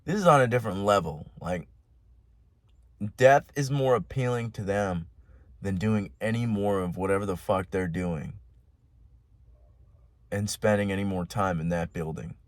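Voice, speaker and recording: A man's voice: on the low side, a little slow, pauses often, no room sound. A man hosting a podcast alone, rambling in a casual monologue with heavy swearing, lots of "like" and restarts. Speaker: podcast host.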